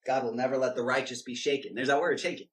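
Guy teaching bible stuff, blunt and emphatic, preachy at times, average pitch. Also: steady tone, quick pace, fairly bright tone. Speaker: Christian video teacher.

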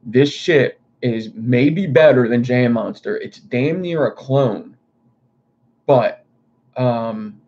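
Gravelly, rambling male streamer. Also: medium pitch, takes it slowly, darkish tone. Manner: rambling, loose, profane talk. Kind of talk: casual chat to stream viewers. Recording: dull lo-fi stream audio.

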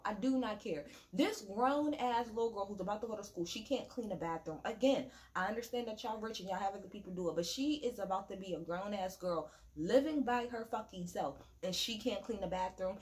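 A woman giving a casual, profane, sassy rant reviewing a reality show, with quick mocking asides. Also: mid-range voice. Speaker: reality TV recap vlogger. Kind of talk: casual ranting recap.

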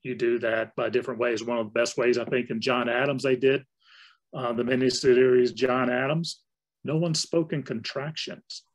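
A man's voice: mid-range voice, steady tone, moderate pace, poor audio. A man who is a novelist, giving a conversational workshop lecture on writing in a loose, rambling way. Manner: conversational, loose, with fillers and restarts. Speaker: guest speaker, novelist.

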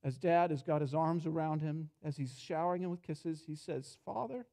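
A pastor preaching a sermon in a church, telling a story and acting out its characters, dropping soft and low for reflective points. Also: male voice, fairly even intonation, normal speed. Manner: storytelling, acts out characters' lines with rising energy. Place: church sanctuary.

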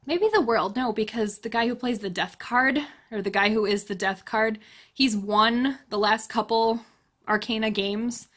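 A woman's voice: fairly high pitch, fairly even intonation, unhurried, a bit bright. A woman giving a casual book review in a chatty, candid way. She laughs often and drops blunt, exasperated asides.

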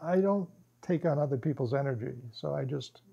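A man presenting at a workshop, telling stories in a casual, animated way to a small group. He laughs often and acts out quoted lines. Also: fairly high pitch, brisk, creaky, lo-fi sound, very noisy.

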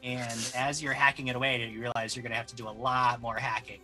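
A man's voice: mid-range voice, little pitch movement, fast talker, music in the background. A man running a tabletop role-playing game as game master, describing the scene vividly and laughing easily with his players.

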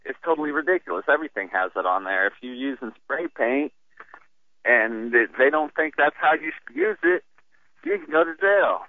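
A man's voice: medium pitch, dry recording. Male caller on a tinny phone line. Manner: halting, restarts often, laughs while talking. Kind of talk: call-in radio talk.

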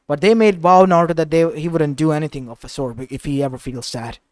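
A man's voice: on the high side, fast talker, darkish tone, dry recording. A man narrating a fan-fiction story in a casual, rambling way, often restarting his sentences.

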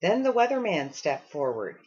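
A woman reading a children's storybook aloud with expressive storytelling. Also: fairly low pitch, moderate pace, slightly rough, dull audio. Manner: expressive storytelling with acted character lines. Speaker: storybook reader.

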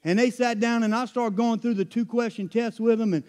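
A middle-aged man, preaching a sermon as pastor, dropping to low murmurs and rising to loud, high climaxes. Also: steady tone, fairly quick.

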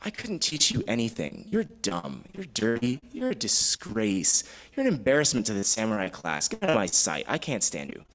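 A man's voice: mid-range voice, huge pitch swings, normal speed, few pauses, fairly bright tone, slight background noise. A man reading a story aloud and voicing a small male monk who speaks with open disdain, his voice raised above his own. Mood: scornful. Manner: disdainful, cutting.

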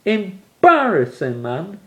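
Furious fan ranting, slow and heated. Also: male voice, sits high, wildly swooping pitch, bright, forceful tone. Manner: furious, swearing, exasperated. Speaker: football fan vlogger. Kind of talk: angry fan rant to camera.

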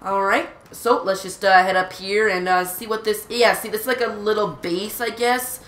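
A woman hosting a gaming channel, giving live gameplay commentary in an excitable way, repeating urgent exclamations and often stammering. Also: mid-range voice, moderate pace, echoey room.

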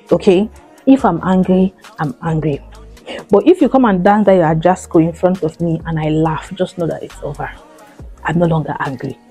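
Chatty woman, mellow voice. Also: fairly low pitch, slightly rough. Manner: chatty, emphatic, repeats phrases, addresses viewers as girl. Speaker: vlogger. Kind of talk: casual talk to camera.

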